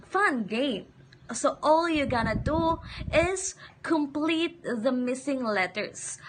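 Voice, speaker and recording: A woman teaching a phonics lesson to young children, saying each word slowly and repeating it for the class to echo. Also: high voice, pushed and bright, a little hiss or hum.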